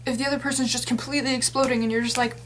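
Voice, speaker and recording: A woman's voice: sits high, level tone, racing, a bit bright, a little hiss or hum. A young adult woman talking straight to camera in a casual vlog rant, rambling and exasperated, with lots of fillers. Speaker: vlogger.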